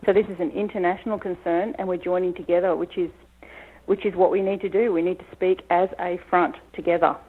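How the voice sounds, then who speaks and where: A woman's voice: lowish voice, fairly even intonation, fairly quick, slightly rough. A woman from Australia with an Australian accent, calling in to a radio show and talking in a friendly, hesitant way with many ums. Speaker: caller. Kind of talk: phone-in conversation. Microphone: telephone. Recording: tinny phone line.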